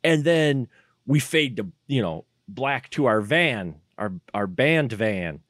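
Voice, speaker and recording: A man co-hosting a casual podcast, excitedly recapping a bad movie scene by scene and laughing often. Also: mid-range voice, slow pace, no room sound, clean studio sound. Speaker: podcast co-host.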